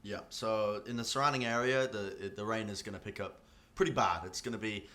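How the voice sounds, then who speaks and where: A man narrates a tabletop game as its dungeon master in a low, easygoing voice. He rambles and fills pauses with "um" and "uh" as he describes the scene. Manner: rambling, filler-heavy, relaxed.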